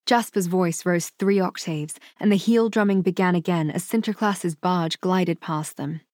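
Woman audiobook narrator, lowish voice, steady delivery, dry booth sound. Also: no room sound. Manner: measured, even storytelling.

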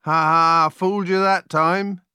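A man's voice: sits high, wildly swooping pitch, normal speed, bright, forceful tone, no room sound, clean studio sound, voice pushed up, exaggerated voice. A man voicing a small, cocky male wizard in a storybook reading, gleeful and teasing. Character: small jaunty male wizard, full of himself.

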